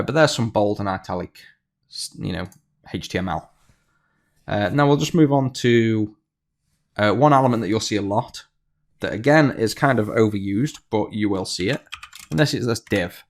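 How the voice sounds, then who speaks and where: Gravelly low-voiced man teaching code. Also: moderate pace. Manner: rambling, thinking aloud with fillers and restarts. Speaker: programming tutor. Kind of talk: screen-recorded coding tutorial.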